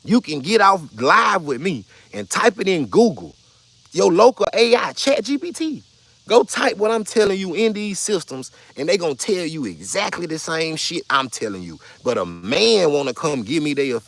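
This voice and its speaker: A man holds forth on his live stream, profane and argumentative. His voice sits a touch high and jumps all over the place in pitch as he presses his point again and again. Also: sing-song, moderate pace, vocal fry, fairly bright tone, no room sound. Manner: blunt, profane, argumentative, repeats himself. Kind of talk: casual live stream rant.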